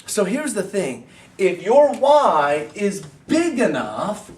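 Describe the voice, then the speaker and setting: A man's voice: sits high, sing-song, slow, darkish tone. A man speaking as a motivational business coach, emphatic and repetitive as he urges the listener on. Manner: emphatic, repetitive, fervent exhortation. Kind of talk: motivational talk to camera. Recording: echoey room, voice from a distance.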